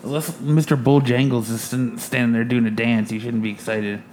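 A man's voice: mid-range voice, flat delivery, normal speed, a little mellow. A man playing a tabletop game, teasing the other players. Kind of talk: casual tabletop banter.

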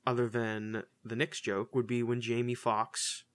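A man's voice: mid-range voice, monotone, measured pace, fairly bright tone, clean tone. Man, casual podcast movie review, rambling, swears a lot, easygoing. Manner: loose, profane, rambling with fillers and restarts. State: says he is a little high. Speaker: podcast co-host.

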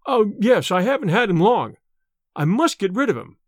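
A flustered, stammering young student, put on by a man narrating a storybook, his voice pitched high and jumpy. He trips over his words, and the recording is dry and close. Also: sing-song, no echo. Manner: stammering, hurried, evasive. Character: nervous young male student, evasive and flustered.

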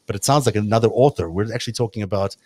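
South African man hosting, low dry voice. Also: very fast, no echo. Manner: relaxed and chatty, leans on "you know" fillers. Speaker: host. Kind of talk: casual talk-show chat.

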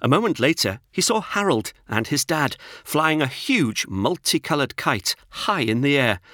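A man narrates a children's storybook with an expressive, animated read. His voice rises and falls freely and sounds bright and forward, recorded close and dry. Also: fairly high pitch, measured pace, no echo. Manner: expressive, lively reading.

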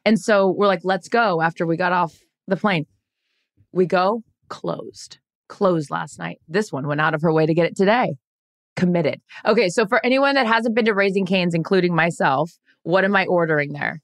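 A young adult woman co-hosting a podcast, telling stories in a lively, animated way and laughing often. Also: on the low side, moderate pace, dry recording, studio quality. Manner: animated storyteller, laughs often, acts out quotes. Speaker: podcast co-host. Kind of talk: casual chat.

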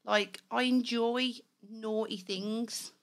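A woman's voice: on the high side, fairly even intonation, takes it slowly. A woman co-hosting a podcast, chatting frankly and casually and swearing freely. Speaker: podcast co-host. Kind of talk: casual banter.

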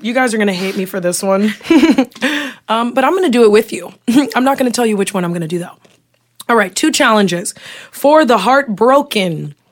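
A young woman co-hosting a podcast in a studio, talking casually and candidly, swearing and laughing often. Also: mid-range voice. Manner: candid, profane, laughs a lot. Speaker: podcast co-host. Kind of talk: casual chat.

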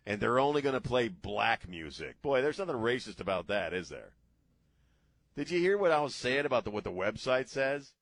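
A man's voice: mid-range voice, sing-song, moderate pace, a bit bright, no room sound. A man hosting a talk radio show, talking in a sarcastic, mocking way into a studio microphone.

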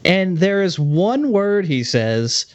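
A man's voice: high-pitched, very animated, takes it slowly, no echo. Sarcastic, profane man ranting. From Boston. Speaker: podcast co-host. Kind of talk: casual chat.

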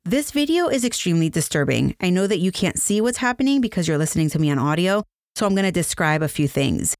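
A woman's voice: lowish voice, expressive, fast, hardly any pauses, a little mellow, no room sound, studio quality. A woman hosting a true crime podcast, explaining directly to her listeners. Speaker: podcast host.

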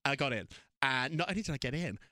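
A man's voice: fast, no echo, studio quality. A man, co-hosting a gossip chat and telling stories with theatrical flair. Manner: excitable, theatrical, acts out quotes in shrill voices. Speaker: celebrity gossip co-host.

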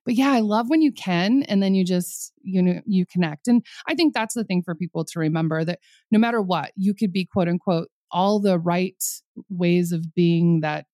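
A woman guesting on a podcast in casual chat, energetic, laughing often and swearing freely. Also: on the low side, normal speed, dry recording, studio quality.

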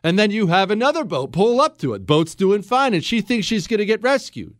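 A male radio talk show host speaks emphatically and jokes at his own expense. His voice is high and swings widely in pitch. The studio sound is dry and close. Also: very animated, a little fast, no echo. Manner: emphatic, self-deprecating humor, frequent restarts. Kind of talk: animated storytelling and political commentary.

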